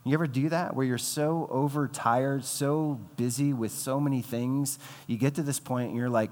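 A man's voice: mid-range voice, fairly even intonation, normal speed, few pauses, darkish tone. A male pastor preaching a sermon in a casual, conversational way, with lots of fillers and quoted voices he acts out. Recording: long hall reverb.

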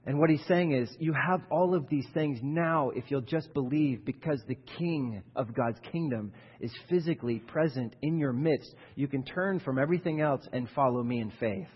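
A man's voice: mid-range voice, moderate pace, hardly any pauses, husky, big-room sound, muffled recording. A male pastor giving a sermon in a conversational style that builds to emphatic peaks.

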